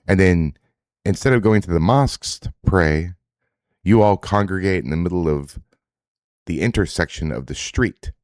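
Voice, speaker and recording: A man's voice: deep voice, a little mellow, no echo, studio quality. A man hosting a daily reaction livestream, ranting in a profane, combative, casual way. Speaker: host. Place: indoors, home setup.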